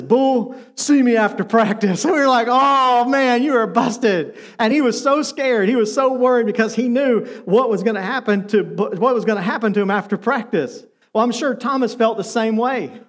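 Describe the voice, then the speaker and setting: A middle-aged man preaching to his congregation with a notably high voice. He tells stories with energy, then drops into a soft, tender delivery. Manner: storytelling, shifts between lively and soft tender delivery. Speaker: pastor. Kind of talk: sermon.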